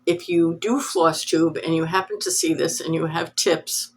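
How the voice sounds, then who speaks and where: Woman vlogger, lowish breathy voice with a nasal edge, casual and rambling, self-deprecating. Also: fairly even intonation, normal speed, few pauses. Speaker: cross-stitch vlog host. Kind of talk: casual chat to camera.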